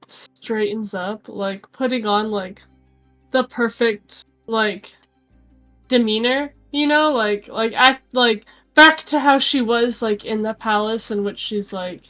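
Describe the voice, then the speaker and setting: A woman's voice: on the high side, takes it slowly, a bit bright, soft background music, low-quality recording. A woman player in a tabletop role-play, describing her character hesitantly with many fillers. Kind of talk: playing a tabletop game.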